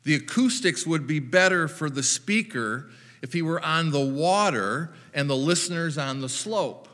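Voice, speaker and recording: Slow-spoken bright-voiced preacher with wry humor. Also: male voice, on the high side, lively intonation, long reverb tail. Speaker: pastor. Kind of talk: sermon.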